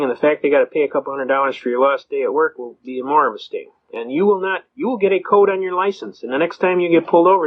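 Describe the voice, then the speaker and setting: A middle-aged American man telling courtroom stories in a blunt, folksy way. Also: fairly high pitch. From United States. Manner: folksy, blunt, repeats words when starting a sentence. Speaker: speaker on self-representation in court. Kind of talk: folksy storytelling lecture. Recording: dull lo-fi recording.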